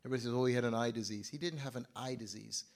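Gravelly-voiced man preaching a lively sermon. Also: very fast. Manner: animated preaching, swinging from low asides to loud high-pitched outbursts; conversational, asks the audience questions. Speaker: pastor. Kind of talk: live sermon to a congregation. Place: church service.

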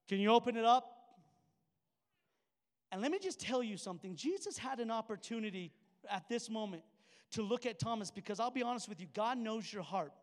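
A man preaching a sermon as a pastor, swinging from hushed tones to shouting. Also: high voice, expressive, fairly quick. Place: church hall. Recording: echoey hall with faint music.

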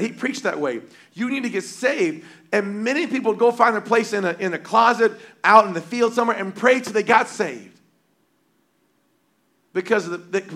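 A man preaching a sermon with passion, repeating phrases and swinging between loud and hushed delivery. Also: high voice.

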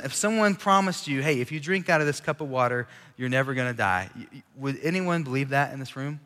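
A man's voice: mid-range voice, animated, brisk, hardly any pauses, fairly bright tone. A man giving a casual sermon to a live audience in a large room, talking conversationally and joking with the crowd. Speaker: preacher. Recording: long reverb of a large hall.

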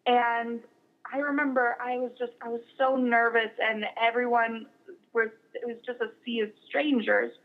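A young woman being interviewed as a guest, speaking warmly and haltingly with many fillers and restarts. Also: a little high, little pitch movement. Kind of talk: casual interview. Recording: dull lo-fi recording.

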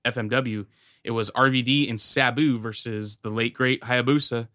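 Bright-voiced man co-hosting a chat. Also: mid-range voice, fairly even intonation, normal speed, no room sound, clean studio sound. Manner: crude joking, rattling off details. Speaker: podcast co-host. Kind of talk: casual podcast chat.

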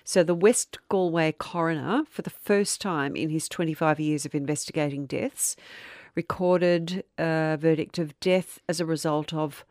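Woman, podcast co-host, deep voice, chatty, thinks aloud, dry studio sound. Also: unhurried, hardly any pauses, darkish tone, no room sound. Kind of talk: casual chat. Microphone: studio mic.

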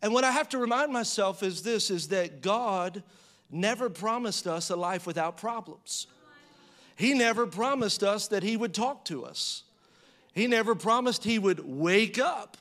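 A man preaching a sermon in a conversational style, asking the audience rhetorical questions and acting out quotes with rising pitch and volume. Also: animated, a little slow, a bit bright. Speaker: pastor.

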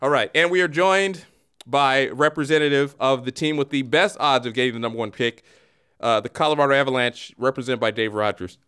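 A man's voice: mid-range voice, a little fast, sharp tone, smooth. Mock-formal male show host. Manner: mock-formal, sarcastic asides. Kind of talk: mock-broadcast hosting.

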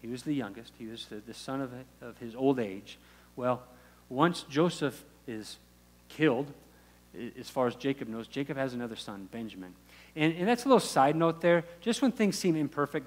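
Man preaching in a reverberant hall. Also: on the high side. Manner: conversational storytelling with quoted dialogue and restarts. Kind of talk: sermon retelling a Bible story.

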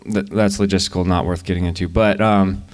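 Young guy, deep smooth voice, laid back, chatting at a live interview. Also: level tone, fairly quick, darkish tone. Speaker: guest climber.

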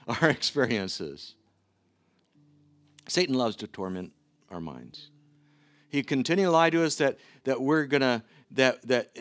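A middle-aged man preaching a sermon to his church, earnest and given to halting restarts. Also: fairly high pitch, a bit bright, no echo. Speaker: pastor.

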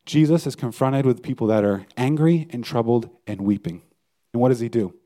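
Warm-voiced male pastor preaching. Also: medium pitch, brisk. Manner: conversational preaching, asks the audience questions. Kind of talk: sermon.

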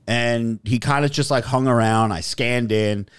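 A man's voice: medium pitch, a little slow, clear, resonant tone. A man hosting a podcast, telling stories in a loose, profane way and mimicking the people he meets. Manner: profane, animated storytelling with mocking impressions. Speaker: podcast host. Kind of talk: casual podcast banter.

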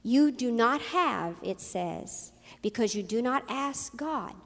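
A woman's voice: on the high side, expressive, slow pace, in a large hall. A woman pastor delivering an emphatic sermon, acting out quotes as she tells a story. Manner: emphatic preaching with acted-out quotes.

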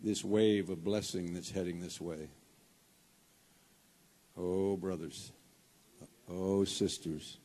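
A man's voice: low voice, fairly even intonation. A man preaching a sermon as pastor of a congregation, with a fervent, rising delivery. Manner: starts hushed and slow, builds to loud fervent preaching. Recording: long hall reverb.

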